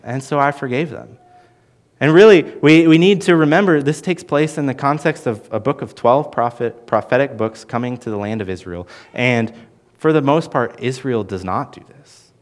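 A man teaching through a Bible passage in an earnest sermon, with lively emphasis and frequent restarts. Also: medium pitch, moderate pace. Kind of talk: expository sermon.

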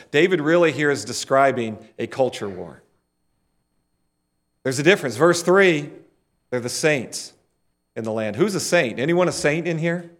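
A man's voice: fairly high pitch, lively intonation, moderate pace, long pauses, fairly bright tone. A middle-aged man preaching a sermon and leading the congregation in call-and-response. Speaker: pastor.

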